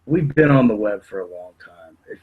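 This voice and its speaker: A man's voice: fairly low pitch, animated, moderate pace, slightly rough, phone-quality sound. A man guesting on a podcast in casual chat, a little drunk and slurring loosely.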